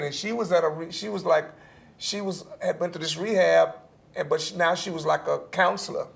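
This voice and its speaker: A male panelist telling a candid personal story, laughing and acting out quotes in a high voice. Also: fairly even intonation, brisk, gravelly.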